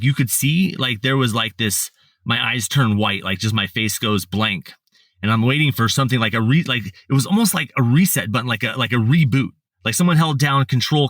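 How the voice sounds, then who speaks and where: A man's voice: medium pitch, fairly bright tone, no echo. A man from the United States, a podcast guest telling his life story in a casual, rambling way with lots of fillers and restarts. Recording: slightly distant mic, dry sound.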